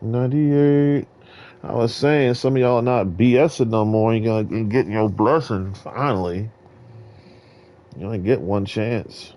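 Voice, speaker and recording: A man's voice: fairly low pitch, unhurried, darkish tone. A man rambling with preachy musings while commenting on his gameplay. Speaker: gamer. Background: game music.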